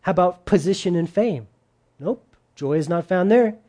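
A preacher giving a sermon in a lively way, with joking asides and quotes acted out in put-on voices. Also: mid-range voice, normal speed.

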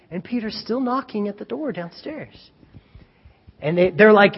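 A man with a high, husky voice preaches a lively storytelling sermon, slipping into the voices of the people he describes. The sound is dull and lo-fi, with a long echo from a church hall. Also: normal speed, pauses often. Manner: animated, acts out scenes, chuckles at own jokes. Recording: dull reverberant hall recording.

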